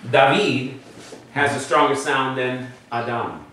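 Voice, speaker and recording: A man's voice: mid-range voice, slow, pushed and bright. Man teaching in an echoey room. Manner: patient, explains step by step, checks in with "okay?". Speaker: Hebrew teacher. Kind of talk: classroom lesson. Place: classroom with students. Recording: echoey room from far off, faint noise.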